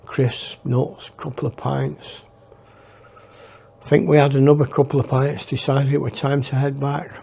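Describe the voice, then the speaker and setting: A man's voice: medium pitch, level tone, unhurried, creaky, mellow, slightly rough. A man telling his memoir in a rambling, reflective way. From northern England. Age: 60s. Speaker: storyteller. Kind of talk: memoir storytelling.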